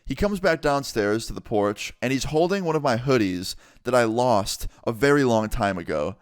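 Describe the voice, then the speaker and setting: A man's voice: mid-range voice, lively intonation, normal speed, smooth, dry recording, clean studio sound. A young man casually telling a storytime vlog, cursing freely as he retells events. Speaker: YouTuber.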